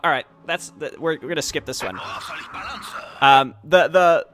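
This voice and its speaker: A man's voice: fairly high pitch, unhurried, pauses often, fairly bright tone, faint music behind. A man reading game dialogue aloud and commenting casually with wry, profane asides. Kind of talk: let's play commentary with read-aloud dialogue.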